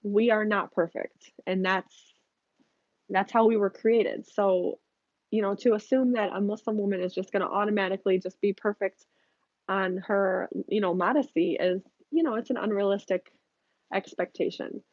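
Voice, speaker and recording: A young woman, a YouTuber answering viewer questions in a candid live Q&A, speaking with a slightly stuffy, hoarse voice from allergies. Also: medium pitch, steady tone, normal speed, darkish tone, muffled recording. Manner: candid, chatty, many fillers and restarts. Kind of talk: casual live Q&A chat. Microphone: headphones with mic.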